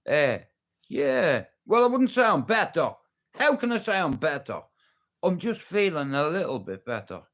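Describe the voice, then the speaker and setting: A man's voice: on the high side, big pitch swings, normal speed, a bit bright. An Irish man chatting loosely on a livestream, rambling and swearing a lot in a jokey way. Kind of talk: casual live-stream chat.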